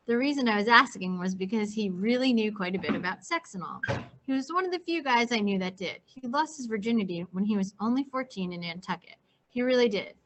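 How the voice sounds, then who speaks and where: A woman teacher reading a novel aloud to her class in steady, plain narration. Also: mid-range voice, brisk. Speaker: English teacher.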